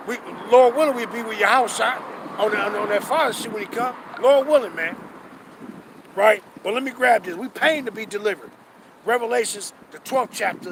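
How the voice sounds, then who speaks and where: A man with a high voice preaches hard on a city street, swearing freely and circling back over his points. He slows right down when he reads the verses. Heavy traffic and street noise run loud behind him. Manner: fervent, profane, repeats himself, reads verses slowly. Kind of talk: street sermon with scripture reading.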